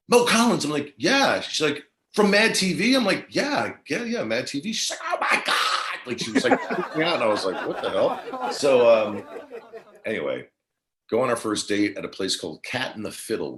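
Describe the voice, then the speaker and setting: A man's voice: on the low side, fairly bright tone. A middle-aged man from New Jersey, a guest on an interview show, telling a long rambling story and acting out the quoted lines.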